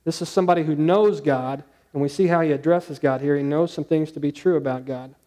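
High-voiced man preaching a sermon. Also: a little fast, mellow. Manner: conversational preaching with rhetorical questions. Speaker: pastor.

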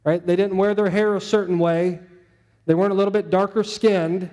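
A man preaching a relaxed, conversational sermon. He asks the congregation questions as he goes and acts out quoted lines. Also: sits high, fairly quick.

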